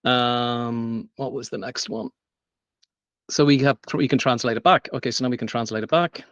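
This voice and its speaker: A man's voice: medium pitch, moderate pace, clear, resonant tone, dry recording. Guy walking through a live coding demo, lots of ums and restarts, dry muffled audio. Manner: casual, thinking aloud with fillers and restarts. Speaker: meetup presenter. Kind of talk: live tech demo talk. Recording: dry, dull lo-fi sound.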